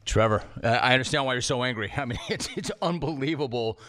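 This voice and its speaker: A man at an ordinary mid pitch hosts a sports podcast. His delivery is smooth and confident, easy and conversational. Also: fast talker, a bit bright. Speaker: podcast host. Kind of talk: sports podcast hosting and ad read.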